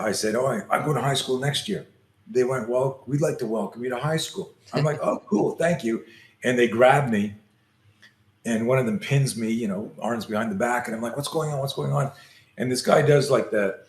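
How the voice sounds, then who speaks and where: A man and self-defense coach telling a story in an interview, animated, acting out the scenes as he goes. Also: mid-range voice, moderate pace, roomy sound.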